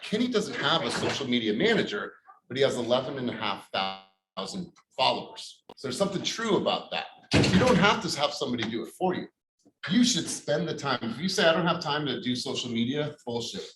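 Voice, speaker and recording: Blunt, upbeat male coach rallying a workshop; roomy echo, steady background noise. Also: mid-range voice, a little fast. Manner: blunt, upbeat, swears casually. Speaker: real estate coach leading a workshop. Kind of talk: motivational workshop talk.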